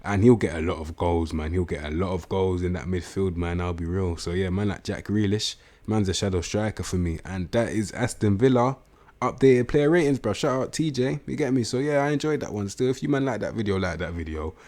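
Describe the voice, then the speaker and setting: Low-voiced young man, slangy. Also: fairly quick. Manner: slangy, blunt, swears, bursts into excited outbursts. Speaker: gaming YouTuber. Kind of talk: casual video game commentary.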